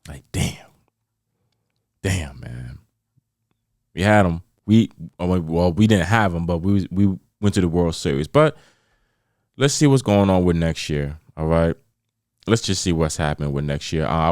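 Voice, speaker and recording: A man from New York hosting a podcast, venting about sports in a rambling, animated way with many repeats. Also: low-pitched, clean tone, no echo, studio quality. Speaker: podcast host. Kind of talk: casual solo podcast chat.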